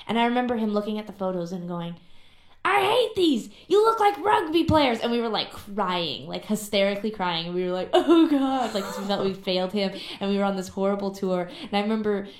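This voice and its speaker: A young woman talks fast and loose in a radio studio interview, piling up fillers as she tells tour stories. Her pitch sits mid-range and the room around her gives a noticeable echo. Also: fairly even intonation. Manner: chatty storyteller, many fillers. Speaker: musician guest.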